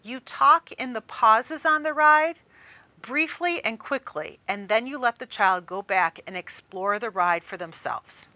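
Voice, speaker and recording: A woman presenter giving a training talk, telling a story in a lively way and speaking straight to the listener. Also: fairly high pitch, a little slow, dry recording.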